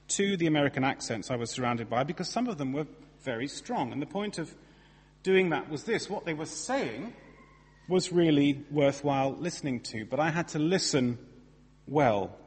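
A preacher with a slightly raised, husky voice delivers a chatty, self-mocking sermon. His words ring out with a long reverb through a big church hall. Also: fairly high pitch, moderate pace. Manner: lively, conversational, self-deprecating storytelling.

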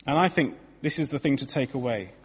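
A man giving a sermon in a church, lively, conversational and self-deprecating as he tells stories. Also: medium pitch, fairly quick, husky. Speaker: preacher. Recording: long reverb of a large hall.

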